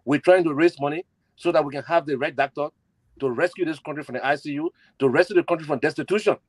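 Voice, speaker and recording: A man making an impassioned fundraising appeal, repeating himself and spelling out letters slowly. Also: on the high side, dry recording, poor audio. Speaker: campaign supporter and fundraiser.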